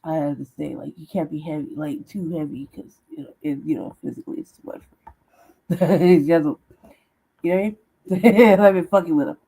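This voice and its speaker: A woman's voice: low voice, steady tone, brisk, vocal fry, warm tone, breathy edge, poor audio. A woman chatting casually on her own stream, teasing, laughing often and swearing freely. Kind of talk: casual chat.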